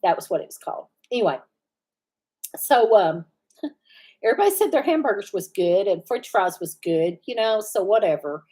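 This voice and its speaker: Chatty husky woman in her sixties. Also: mid-range voice, big pitch swings, normal speed, dark tone. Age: 60s. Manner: chatty, meandering, laughs easily. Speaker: live stream host. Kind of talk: casual storytelling chat.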